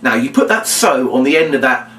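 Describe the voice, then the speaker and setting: A middle-aged man teaching a children's magic routine, animated and acting out his patter lines. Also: fairly quick. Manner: animated, jumps into a high shouty kids'-show voice for demo lines. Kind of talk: instructional talk with acted-out patter. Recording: echoey room, mic at a distance.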